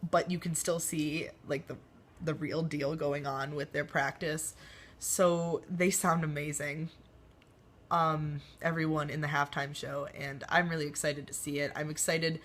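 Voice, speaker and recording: A woman's voice: on the low side, fairly bright tone. A young woman telling her day in a casual personal video diary, rambling with many ums and likes. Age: young adult. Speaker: vlogger and college marching band member.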